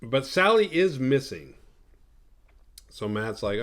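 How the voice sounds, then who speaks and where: A man's voice: mid-range voice, expressive, normal speed. A man hosting a horror movie review show, recapping the plot in a rambling, profane, sarcastic way.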